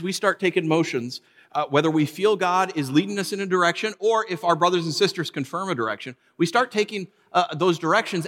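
A man in his thirties preaching a casual storytelling sermon as pastor, animated and acting out voices from his stories. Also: high-pitched. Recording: long hall reverb.

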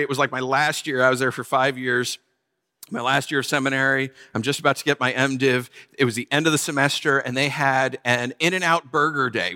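A man preaching a sermon, telling a funny personal story with lively, animated delivery. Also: medium pitch. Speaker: pastor.

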